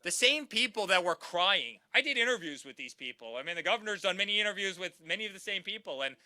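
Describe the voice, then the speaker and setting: A man's voice: high-pitched, big pitch swings, fast talker, bright, forceful tone. A man in his thirties giving a campaign rally speech, repeating lines and calling the crowd "guys". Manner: repetitive, rallying crowd, addresses them as guys. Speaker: campaign speaker.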